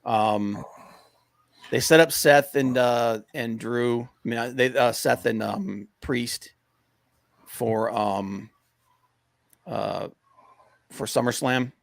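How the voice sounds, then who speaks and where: Podcast co-host, gravelly male voice, rambling casual rants, full of ums and sudden excitement, dry close sound. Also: medium pitch, slow pace, long pauses, no echo. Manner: rambling, many fillers, gets excited and rants. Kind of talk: casual wrestling podcast chat.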